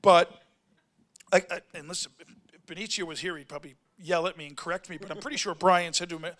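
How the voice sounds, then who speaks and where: Speaking fast with a high, slightly bright voice and fairly even intonation, this middle-aged actor wanders through a story at a convention panel. He cuts himself off, starts sentences over, and performs the quotes of others.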